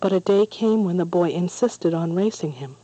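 A narrator reading a children's story aloud in a calm, measured way. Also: medium pitch, poor audio.

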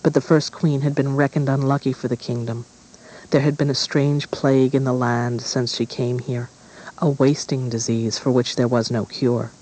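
A man reads a gothic fairy tale aloud in a measured, dramatic manner. His voice sits at an ordinary middle pitch. He shapes each sentence for the story. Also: level tone, darkish tone, low-quality recording. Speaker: narrator. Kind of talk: storybook narration.

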